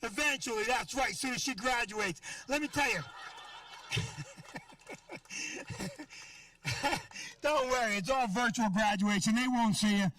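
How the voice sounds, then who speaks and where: A middle-aged man working a comedy club crowd, brash and profane and never letting up on the teasing. His voice sits high for a man. The sound is dry, with the mic set back from him. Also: measured pace, pauses often, bright, forceful tone, no room sound, distant mic. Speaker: stand-up comedian. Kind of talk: stand-up set with crowd work.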